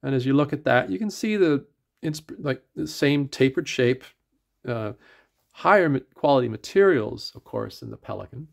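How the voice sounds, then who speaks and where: Gravelly Atlantic Canadian man, rambling. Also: medium pitch, expressive, normal speed. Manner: rambling, hesitant, many fillers and restarts. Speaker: pen reviewer. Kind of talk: casual product review.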